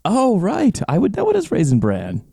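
A man's voice: high-pitched, wildly swooping pitch, normal speed, creaky, mellow, husky, dry recording, clean studio sound. A man co-hosting a podcast, joking around with frequent laughs and stumbling restarts. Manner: giggly, jokey, stumbling restarts. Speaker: podcast co-host. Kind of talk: casual chat.

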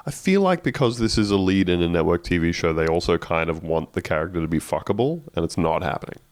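A man with a very low voice co-hosts a podcast, recapping a TV episode in a loose, chatty way. His commentary is wry and sardonic. The sound is dry and close-miked. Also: expressive, quick pace, dry recording. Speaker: podcast co-host. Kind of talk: casual chat recapping a TV episode.

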